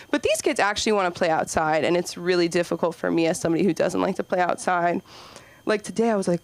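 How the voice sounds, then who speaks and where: A woman's voice: fairly low pitch, quick pace, vocal fry. Rambling young woman doing stand-up. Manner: rambling, self-deprecating, full of "like" and "you know". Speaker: stand-up comedian. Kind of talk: stand-up comedy set. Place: comedy club stage.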